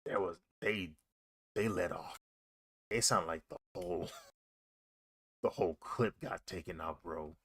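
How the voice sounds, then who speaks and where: A man's voice: low-pitched, measured pace, long pauses, fairly bright tone, husky. A young man chatting casually and reacting while he draws, slangy and laughing often. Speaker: artist streaming while drawing.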